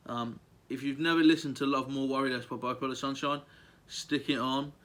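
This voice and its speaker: Young man, casual vlogger, gushing, chatty fillers, mid-pitched voice. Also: steady tone, fairly quick, a bit bright. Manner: enthusiastic, gushing, with many ums and likes. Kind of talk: casual countdown monologue.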